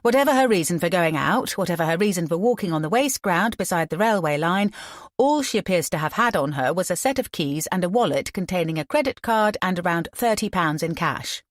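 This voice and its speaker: A woman narrator voicing a brisk, impatient female senior officer leading a briefing. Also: fairly low pitch, animated, no echo, clean studio sound, natural voice. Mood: brisk, curt. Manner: snappish, brisk.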